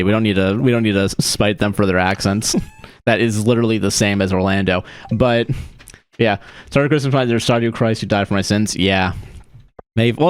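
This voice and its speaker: A man's voice: fairly low pitch, no echo. A young man from Florida, chatting casually and rambling while he streams a game, swearing freely and laughing often. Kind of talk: casual livestream chat while gaming.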